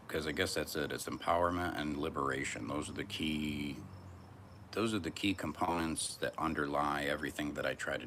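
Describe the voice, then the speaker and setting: A man's voice: extremely low pitch, fairly bright tone, slight background noise. A man vlogging from a back porch outdoors, talking in a brash, profane, rambling monologue.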